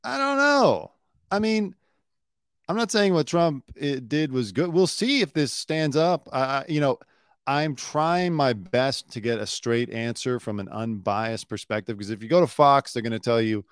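A man hosting a casual news commentary show, sarcastic and quick to mock pundits. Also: mid-range voice, animated, clean tone, no room sound, studio quality. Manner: sarcastic, mocks pundits in put-on mopey voices.

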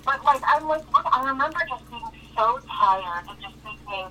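A woman's voice: a little high, big pitch swings, brisk, few pauses, bright, forceful tone. Chatty woman caller on a distant phone line. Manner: chatty, retells dialogue with "I was like". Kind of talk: casual storytelling. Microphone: telephone.

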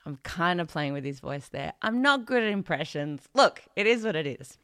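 Bright, chatty singing teacher. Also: female voice, fairly low pitch, expressive, moderate pace, clean tone, no room sound, studio quality. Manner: chatty and playful, sings scale degrees and demos silly twangy voices. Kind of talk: online vocal lesson. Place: home studio with birds and geckos outside.

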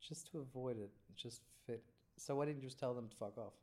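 A woman's voice: extremely low pitch, brisk, a little mellow. A woman hosting a casual chat, asking questions in a teasing, blunt manner. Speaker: host.

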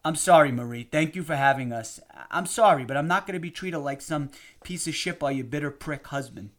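A man voicing a drunk, belligerent man who feels slighted, loud and strained. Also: a little high, fairly quick, lightly acted. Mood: angry.

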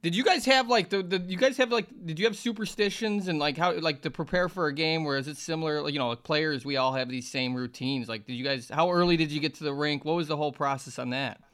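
A man's voice: on the high side, fast talker, few pauses. Male co-host, ex-athlete, loose rambling delivery that trails off. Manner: loose, filler-heavy talk, trailing off quietly. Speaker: podcast co-host, former player. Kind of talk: casual chat.

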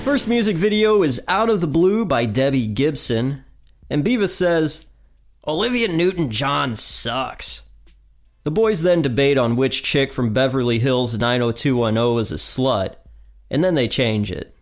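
A man's voice: medium pitch, lively intonation, moderate pace, faint music behind. Man narrating an episode recap. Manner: plain retelling with quoted lines. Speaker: podcast host.

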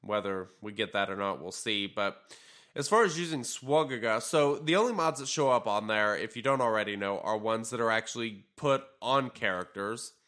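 A man with a bright, forward voice talks over a mobile game in loose podcast chat. He rambles a little, leans on ums and uhs, and sounds tired and yawny. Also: lowish voice, moderate pace. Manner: relaxed, rambling, frequent fillers. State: tired, yawning. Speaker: podcast co-host. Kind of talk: casual gaming podcast chat.

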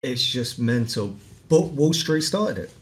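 A man's voice: medium pitch, lively intonation, measured pace. A young man co-hosting a casual podcast in an easygoing way, laughing often. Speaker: podcast co-host.

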